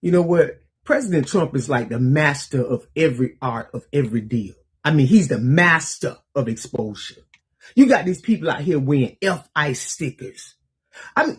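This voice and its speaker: A woman's voice: low-pitched, very animated, moderate pace, husky. A woman in angry, impassioned political commentary, preaching with rhetorical questions.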